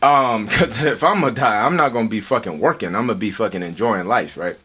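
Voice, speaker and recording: A man co-hosting a podcast, telling a story in casual, profanity-heavy talk, acting out quotes in a high voice. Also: a little fast, breathy edge. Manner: swears a lot, animated, acts out quotes in a high voice. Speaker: podcast co-host. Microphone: earphones with mic.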